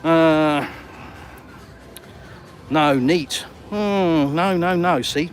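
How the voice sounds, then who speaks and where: A man's voice: fairly high pitch, drawn-out words, a little hiss or hum. An Englishman walking outdoors and vlogging, chatting in a cheeky, bantering, slangy way to viewers while filming on his phone. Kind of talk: casual walk-and-talk vlog. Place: outdoors on an urban seafront street.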